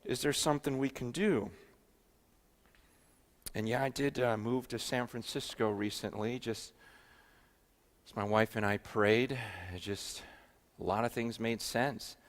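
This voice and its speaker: A man preaching a sermon, telling a story with many restarts and moving from hushed, low passages to loud, excited ones. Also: measured pace, pauses often. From United States. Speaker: pastor.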